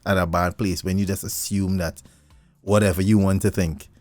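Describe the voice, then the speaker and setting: Man, low voice, animated casual chat, dry close sound, faint music underneath. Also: moderate pace, no echo. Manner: animated, laughs often, rising emphasis. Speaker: podcast co-host. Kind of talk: casual conversation.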